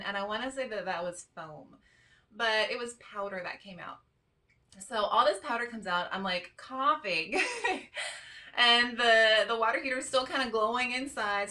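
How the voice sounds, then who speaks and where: A woman's voice: medium pitch, pushed and bright. A woman vlogger telling a story in a casual, rambling way, full of "you know" and "like.". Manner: rambling, chatty, heavy on fillers like "you know" and "like". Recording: voice a little distant from the mic.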